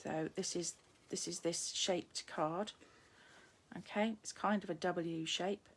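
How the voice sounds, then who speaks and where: A woman's voice: on the low side, steady tone, takes it slowly, breathy edge. A middle-aged woman running a live card-making demo, chatting and poking fun at herself while she greets viewers and works at her desk. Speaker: papercraft demonstrator.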